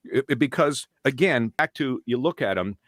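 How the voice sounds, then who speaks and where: A man being interviewed about his voice-acting work, telling lively stories and dropping into voices now and then. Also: mid-range voice, normal speed, dry recording, clean studio sound. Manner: animated storyteller, slips into character voices. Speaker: voice actor guest. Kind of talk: casual interview.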